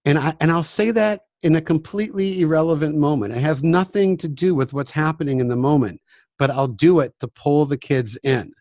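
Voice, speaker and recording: Brisk and fairly high-pitched, this male music teacher chats about classroom behavior in a casual, self-mocking way. He demonstrates examples by lowering to a hush, and the studio-quality audio has no echo.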